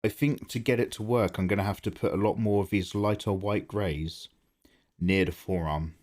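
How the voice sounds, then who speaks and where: A man's voice: lowish voice, steady tone, normal speed, a little mellow. A man chatting casually on a live stream while he draws, thinking aloud and greeting viewers by name. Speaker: livestreaming artist.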